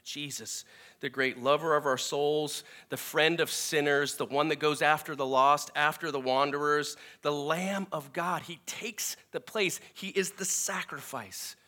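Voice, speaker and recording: A man preaching a sermon, earnest and emphatic, often restarting his phrases and swinging between loud and soft. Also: fairly high pitch, steady tone, unhurried. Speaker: pastor.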